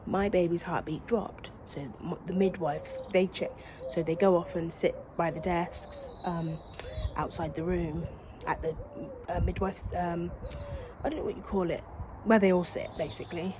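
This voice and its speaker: A woman's voice: fairly low pitch, steady tone, normal speed, background noise. Chatty young woman telling a birth story. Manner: chatty, rambling, often corrects herself and addresses viewers as guys. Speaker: new mother telling her birth story. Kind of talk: casual storytime vlog.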